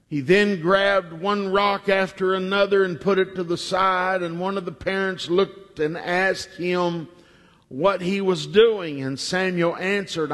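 A man with a fairly high voice delivers a sermon in a church at an unhurried, measured pace. His words ring out with a long reverb trailing behind them. He builds his points through emphatic repetition. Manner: slow, deliberate storytelling with emphatic repetition. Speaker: preacher.

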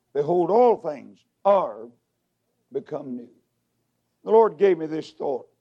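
A man preaching a revival sermon, shouting to loud highs and dropping to hushed lows in a sing-song delivery. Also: lo-fi sound.

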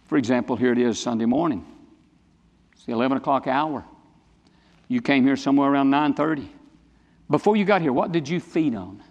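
A man's voice: medium pitch, expressive, fairly quick, pauses often, darkish tone, muffled recording. A man preaching a Sunday sermon as pastor, emphatic and repetitive, putting direct questions to his congregation. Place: church sanctuary. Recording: long reverb of a large hall.

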